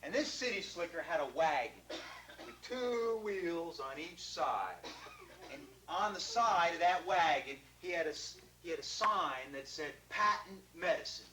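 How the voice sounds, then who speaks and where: A man spinning an old river tale in a relaxed, folksy way, often chuckling. His voice sits somewhat high and moves with a lively, singsong rise and fall, with a faint hiss under the recording. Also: unhurried, rough recording. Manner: animated, chuckles at his own impressions. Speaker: storyteller. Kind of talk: folksy oral storytelling. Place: library event.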